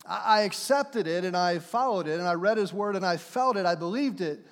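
Lively intonation and a voice that sits high mark this middle-aged pastor, who preaches a little fast. His sermon is conversational, full of playful acted voices and laughter at his own points. Long hall reverb colors the sanctuary recording.

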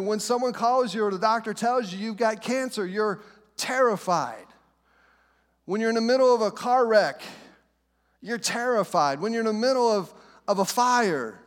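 A middle-aged man, a pastor, preaching a sermon with dramatic pauses and repeated reassurances. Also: sits high, lively intonation. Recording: long hall reverb.

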